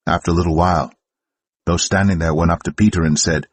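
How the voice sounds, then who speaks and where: A man narrating scripture aloud for a church in a steady, measured way. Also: sits low, husky. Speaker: Bible reader. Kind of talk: scripture reading.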